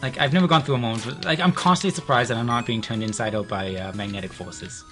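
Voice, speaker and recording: A man's voice: medium pitch, fast, a bit bright, faint music behind. A man giving casual, dry and sarcastic commentary while playing a video game with friends.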